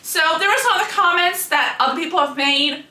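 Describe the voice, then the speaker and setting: A woman's voice: very high voice, a little fast, bright, forceful tone, reverberant, slight background noise. A young woman giving an indignant, heated rant in a video monologue, firing off rhetorical questions. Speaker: vlogger.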